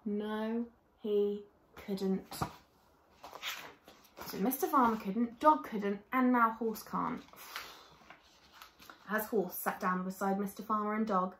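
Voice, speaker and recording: Slow, gentle woman reading a children's story. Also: mid-range voice, reverberant, a little hiss or hum. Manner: gentle, expressive, addresses children directly.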